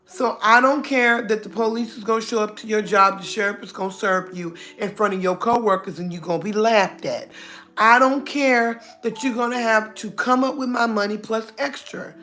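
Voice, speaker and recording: A woman's voice: a little high, fairly even intonation, normal speed, a bit bright, soft background music. Blunt middle-aged woman streaming live. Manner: blunt, talkative, greets viewers by name, laughs often. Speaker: livestream host. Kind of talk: casual livestream chat.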